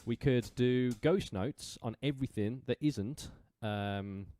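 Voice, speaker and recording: With slow, warm delivery at a medium pitch, an English-accented man runs a drum lesson over live stream, casually explaining with fillers and calling out the count. A drum kit plays behind him, and there's no room sound.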